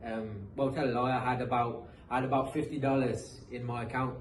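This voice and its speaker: A British man, a professional footballer guest on a casual podcast, tells stories in a mid-range, fairly flat voice, talking a little fast. His accent mixes British English with some American, and he rambles, repeats himself, and says um and uh often. The room echoes, the mic sits far back, and there is faint noise.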